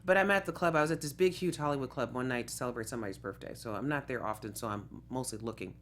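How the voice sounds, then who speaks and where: A woman's voice: rumbling low, rapid-fire, crowd noise. A woman from Texas, an actress guest, telling stories in casual interview chat with frequent laughter. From suburbs of Houston, Texas. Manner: animated storytelling, laughs often.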